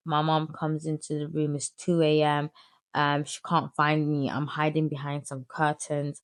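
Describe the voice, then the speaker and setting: A young woman telling her life story in a candid, animated vlog, full of slang and crude asides. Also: low-pitched, unhurried, no echo, studio quality. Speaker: vlogger.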